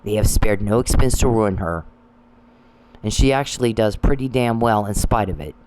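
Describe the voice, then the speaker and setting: A man's voice: on the low side, expressive, moderate pace, a little mellow, a little hiss or hum, poor audio. A man delivering an angry, profane monologue that scolds people he addresses. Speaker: commentary channel host.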